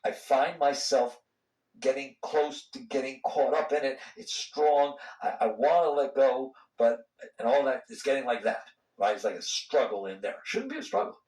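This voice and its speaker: A man giving a spiritual talk to an audience, conversational and animated, acting out the voices inside people's heads. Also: medium pitch, moderate pace, recorded from a distance. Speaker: spiritual teacher. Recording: roomy hall sound, voice from off-mic.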